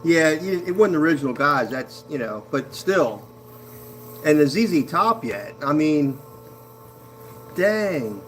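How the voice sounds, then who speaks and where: A man chats on a live stream in a relaxed, unhurried way, his voice riding high with lots of lively rise and fall. He laughs often and keeps things easygoing and friendly. A faint hum sits underneath. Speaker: potter hosting a live stream. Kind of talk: casual live-stream chat with viewers.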